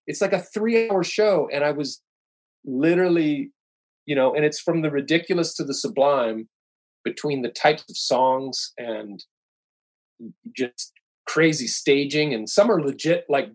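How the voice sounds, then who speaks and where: A man's voice: a little high, rough recording. A middle-aged man, a podcast guest, telling stories in casual chat and rambling through restarts and fillers.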